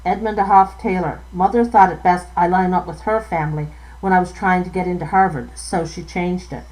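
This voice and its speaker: A woman's voice: fairly low pitch, steady tone, normal speed, a little mellow, lightly acted, low-quality recording. A woman reading the lines of a polite, eager young man home from the city.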